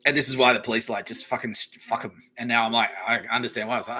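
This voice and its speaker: Man, podcast host, sharp bright tone, sweary rambling monologue, loud-to-muttered swings. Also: medium pitch, level tone, racing, few pauses, low-quality recording.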